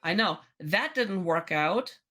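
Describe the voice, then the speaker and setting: A woman's voice: on the low side, lively intonation, slow pace, sharp tone. A woman co-hosting a podcast, telling a personal story in casual chat with lots of restarts and quoted dialogue. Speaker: podcast co-host.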